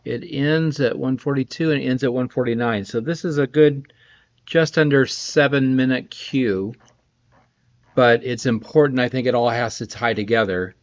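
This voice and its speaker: At a normal speed and in a mid-range voice, a middle-aged man streams himself scoring music in his home production studio. Drowsy and yawning, he rambles in a friendly manner and greets viewers by name. The stream's lo-fi sound is slightly dull.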